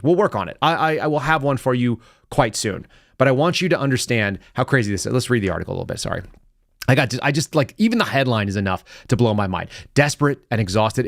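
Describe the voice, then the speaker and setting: A middle-aged man runs his live political commentary show with a sarcastic, animated edge. His voice sits at a mid pitch and sinks into a low mutter before jumping up into loud outbursts. The sound is close and dry, with no room echo. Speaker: podcast host.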